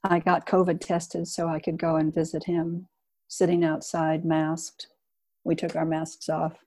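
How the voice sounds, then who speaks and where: A woman's voice: fairly low pitch, warm tone. An older woman who works in hospice, talking candidly about her work in an earnest storytelling way. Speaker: hospice worker. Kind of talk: reflective personal talk.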